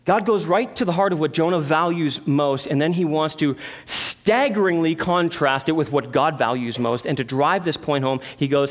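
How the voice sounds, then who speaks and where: A man's voice: a little high, very animated, normal speed, hardly any pauses. A man preaching a sermon as pastor, emphatic, with rhetorical questions and repeated phrases.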